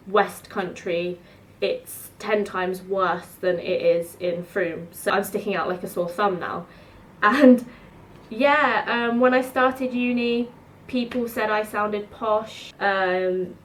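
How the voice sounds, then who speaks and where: A woman in her twenties from England, chatting casually to camera and acting out both sides of conversations in quick bursts. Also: medium pitch, slight background noise. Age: 20s. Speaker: vlogger. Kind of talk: casual storytelling vlog. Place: her home.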